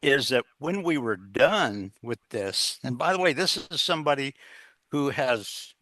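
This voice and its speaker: A man's voice: medium pitch, sing-song, measured pace, pushed and bright, no echo. A man telling an earnest story as a guest in a casual interview, acting out the dialogue as he goes. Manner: earnest, anecdotal, quotes others in dialogue.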